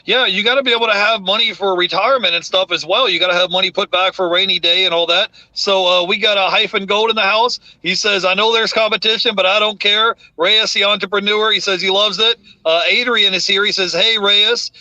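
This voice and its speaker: A man's voice: sits high, fairly even intonation, brisk, hardly any pauses, sharp tone, dry recording. A man hosting a live stream, reading viewer comments aloud in a laid-back way. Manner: reads chat messages aloud, laid-back.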